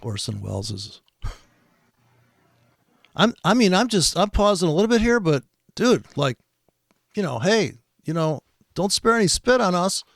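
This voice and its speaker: A man's voice: sits high, very animated, measured pace, gravelly, long pauses, dry recording, studio quality. A man giving profane, sarcastic commentary on a trading video, sounding exasperated and swearing often.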